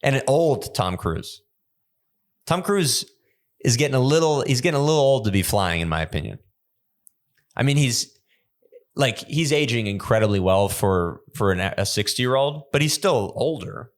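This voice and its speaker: Young male comedian host, mid pitch, loose rambling podcast storyteller. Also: normal speed. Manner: rambling, animated storytelling with frequent restarts. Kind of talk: casual comedic chat.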